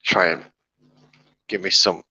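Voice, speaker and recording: A man with a low, husky voice talks casually on a live stream, rambling and muttering to himself as he works. The sound is dull and lo-fi, picked up by a wired headset. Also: steady tone, slow pace, bright, forceful tone, dry recording. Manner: rambling, mutters to himself while fiddling with kit. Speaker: streamer painting miniatures.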